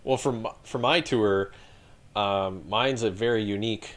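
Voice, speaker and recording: A man in his thirties, a retired infantry soldier telling war stories on a podcast in a casual, profane, animated way with frequent laughter. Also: lowish voice, measured pace. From Canada. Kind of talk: casual storytelling chat.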